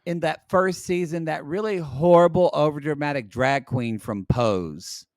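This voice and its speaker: A man co-hosting a podcast, recapping a reality show in casual chat with catty, expressive commentary and free swearing. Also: fairly high pitch, unhurried, no room sound. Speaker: podcast co-host.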